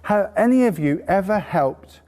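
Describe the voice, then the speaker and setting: A man teaching a horse-training course to a live group indoors, telling lively stories and bursting into playful praise voices. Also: high voice, unhurried. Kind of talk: live workshop talk to a group. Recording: long hall reverb.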